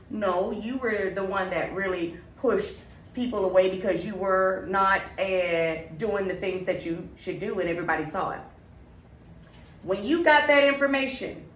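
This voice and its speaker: A woman's voice: mid-range voice, a bit bright. Storytelling woman in a roomy room. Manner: storytelling, acting out quoted lines, many restarts. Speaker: podcast co-host. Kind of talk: casual chat. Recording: roomy, distant mic, faint noise.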